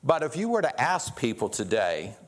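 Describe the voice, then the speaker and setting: A man's voice: medium pitch, wildly swooping pitch, normal speed. Earnest male preacher, rhetorical questions. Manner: earnest, restarts and repeats words, asks rhetorical questions. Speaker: pastor. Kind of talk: sermon.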